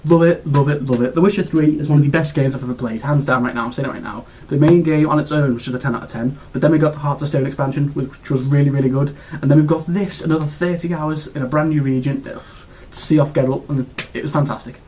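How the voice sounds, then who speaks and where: A man's voice: fairly high pitch, fairly even intonation, fast, few pauses, darkish tone, slight background noise. A British man giving a casual video game review, gushing and rambling with lots of restarts and fillers.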